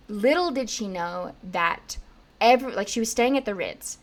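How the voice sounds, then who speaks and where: A woman's voice: mid-range voice, moderate pace. A young woman casually telling a history story on a podcast, chatty and full of "like", acting out quotes. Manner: chatty, lots of "like", acts out quotes in lively bits.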